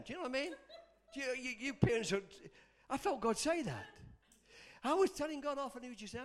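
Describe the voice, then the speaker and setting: Delivering a sermon with passion, this pastor draws the congregation into call-and-response and shares personal stories. His voice is extremely high and expressive, and his pace brisk.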